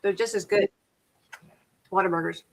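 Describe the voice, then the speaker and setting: A woman's voice: medium pitch, very animated, moderate pace, gravelly, a little hiss or hum, poor audio. A middle-aged woman hosting a crafting live stream, chatting casually and rambling as she repeats and restarts words. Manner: reads crafting measurements aloud. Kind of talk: casual chat while crafting.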